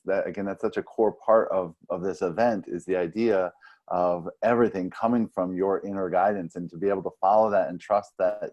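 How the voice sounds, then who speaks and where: A man with a very deep voice hosts an interview and answers reflectively. His speech is halting and full of restarts. His audio sounds dull and lo-fi. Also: a little mellow. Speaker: interview host. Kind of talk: interview conversation.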